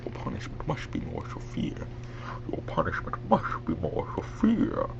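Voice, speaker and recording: A man voicing a menacing masked male villain in a breathy, muffled whisper, with slow, heavy delivery. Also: deep voice, huge pitch swings, heavily acted. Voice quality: breathy, whispered, muffled through a clamped nose.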